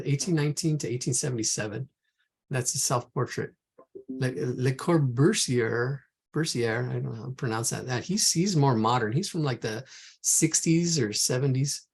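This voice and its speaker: A man's voice: medium pitch, gravelly, husky. A man thinking aloud and rambling as he leads a live drawing lesson. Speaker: art instructor.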